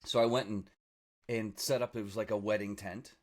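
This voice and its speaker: A man in his forties from the Niagara region, a guest musician telling stories in a lively, self-mocking way on a casual podcast. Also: lowish voice, brisk. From Niagara region, Canada. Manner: animated, self-mocking storyteller with laughs.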